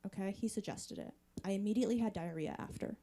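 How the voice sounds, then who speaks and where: A woman's voice: mid-range voice, quick pace, warm tone, slight background noise. A woman in her thirties doing a chatty, wry stand-up set on a comedy club stage. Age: 30s. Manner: conversational, wry, chatty with the audience.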